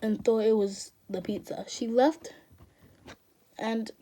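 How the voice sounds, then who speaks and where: A woman's voice: a little high, fairly even intonation, takes it slowly, warm tone. A woman reading fan fiction aloud in an emotional way, stopping to laugh and apologize.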